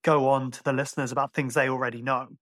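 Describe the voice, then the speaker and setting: Man, irish accent, chatty rambling podcast host, mid pitch, dry close sound. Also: little pitch movement, fast, fairly bright tone, no room sound. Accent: Irish, mixed and hard to place. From Ireland. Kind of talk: casual chat.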